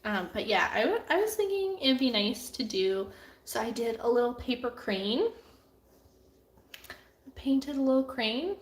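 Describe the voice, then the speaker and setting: A woman's voice: a little high, animated, a little slow, pauses often, roomy sound, slight background noise. A woman, a painter chatting casually with her viewers on a live stream, laughing often and filling her talk with "like.". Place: home studio room.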